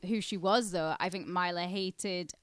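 Quick-chiming female podcast co-host. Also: on the low side, steady tone, clear, resonant tone, dry recording, studio quality. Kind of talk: casual chat.

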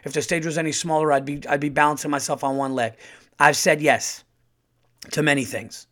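A man who is a comedian and podcast host, telling stories in a casual, profane monologue that climbs to loud outbursts when he gets heated. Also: fairly high pitch, fairly quick. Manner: animated, profane, rising to shouting when heated.

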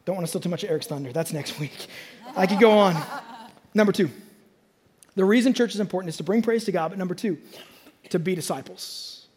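A man preaching a sermon to his congregation, energetic, asking the crowd rhetorical questions and building to emphatic peaks. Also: high voice, quick pace, long pauses, in a large hall, a little hiss or hum. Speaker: pastor. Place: church hall with congregation.

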